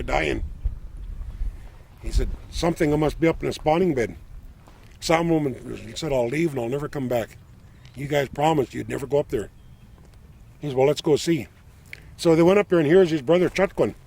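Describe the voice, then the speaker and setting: An older tribal elder tells a traditional legend outdoors by the shore, his words unhurried and plain. His voice sits slightly high for a man and carries a rough, gravelly texture. He speaks as a storyteller from the Lummi Nation. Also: a little mellow. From Lummi Nation, Pacific Northwest. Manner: unhurried, plain-spoken folk telling. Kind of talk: oral legend telling.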